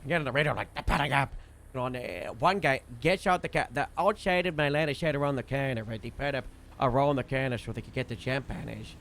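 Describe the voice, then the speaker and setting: Creaky-voiced man rambling through a story. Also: medium pitch, fast talker. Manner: rambling, full of "you know" and "like" fillers; animated retelling with sudden loud bursts. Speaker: livestreamer recounting a role-play shift. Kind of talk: casual storytelling recap.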